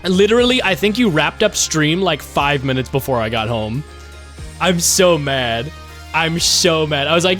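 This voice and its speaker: A man streaming a game live, chatting casually with his viewers, excitable and swearing freely. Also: a little high, unhurried, soft background music. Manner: excitable, swears, talks to chat.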